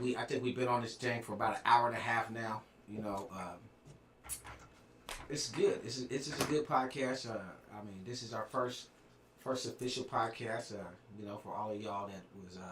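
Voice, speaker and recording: A man's voice: medium pitch, fairly bright tone, reverberant, distant mic. A man hosting a casual podcast live stream, joking and talking in loose slang. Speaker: podcast host. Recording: faint background noise.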